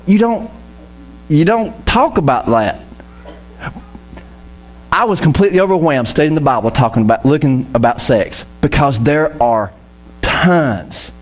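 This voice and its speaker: Male pastor, casual church sermon, animated and joking, voice a touch high. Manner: lively, jokey, acts out quoted voices. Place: church auditorium.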